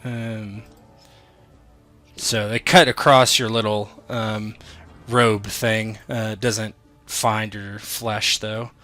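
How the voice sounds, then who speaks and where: Bright-voiced man running a tabletop game. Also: on the low side, extremely slow, soft background music. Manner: relaxed, rambling, corrects himself often. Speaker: game master.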